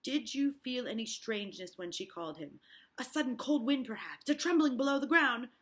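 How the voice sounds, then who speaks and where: A woman's voice: a little high, lively intonation, fairly quick, fairly bright tone, voice pushed up. A woman reading aloud and voicing a stern male minister who questions the accused with insistent, probing questions. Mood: interrogating.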